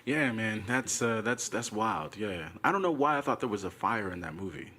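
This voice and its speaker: A man co-hosting a podcast in casual chat, laid-back, quick to laugh, trailing off and restarting his sentences. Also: on the low side, expressive, pushed and bright, a little hiss or hum. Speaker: podcast co-host.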